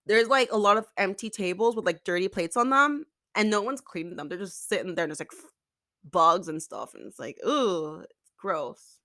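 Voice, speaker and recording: A woman's voice: lowish voice, sharp tone. A young woman telling a storytime vlog in a chatty, exasperated way, full of fillers. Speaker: vlogger.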